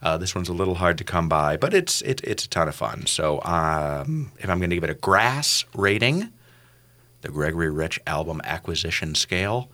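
Playful low-voiced podcast host. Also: male voice, very animated, normal speed, pushed and bright. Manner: playful, rambling with many fillers. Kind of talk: casual chat.

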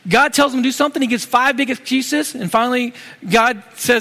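A man preaching a sermon in a conversational, animated way, full of rhetorical questions. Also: extremely high pitch, brisk, gravelly, big-room sound.

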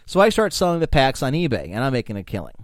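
A man's voice: medium pitch, big pitch swings, fast, no room sound, clean studio sound. A man hosting a podcast, telling rambling, profane stories in casual chat. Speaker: podcast host.

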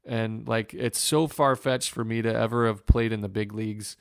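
A man from Northwest Ohio, a former pitcher, telling an earnest and emotional story in an interview. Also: steady tone, moderate pace, vocal fry, smooth, no room sound, studio quality. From Northwest Ohio, USA. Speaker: former professional baseball pitcher, guest.

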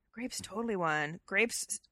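A woman co-hosts a casual podcast, chatting in a lively, animated way with plenty of ums and easy laughter. Her voice is bright and clear, recorded dry and close. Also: medium pitch, takes it slowly, no room sound. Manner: chatty and animated, laughs easily, many fillers. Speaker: podcast co-host. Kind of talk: casual chat.

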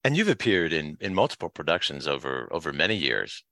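Man, podcast host, very deep voice, bright sharp tone, questioning interviewer. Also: big pitch swings, brisk, dry recording.

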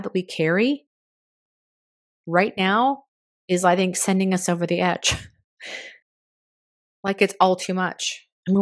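A woman in her fifties hosting a solo podcast, talking candidly and with some frustration, with casual swearing. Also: medium pitch. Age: 50s. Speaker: podcast host.

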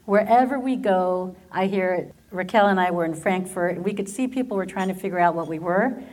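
A woman's voice: fairly low pitch, brisk, a little mellow. Laughing, storytelling American woman in her fifties. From Southern California, USA. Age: 50s. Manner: humorous storyteller who laughs often through her stories. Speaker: speaker giving her testimony. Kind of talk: personal faith testimony.

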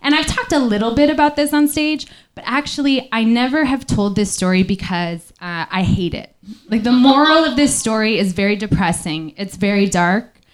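A woman with a fairly high voice tells a personal story to a live audience in a small venue. She talks candidly and haltingly, with plenty of fillers, into a stage microphone. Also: lively intonation.

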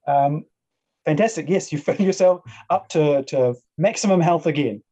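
A man narrating as game master of a tabletop game, talking in a casual, halting way. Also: a little high, dark tone, breathy edge. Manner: casual, halting, with fillers and laughs.

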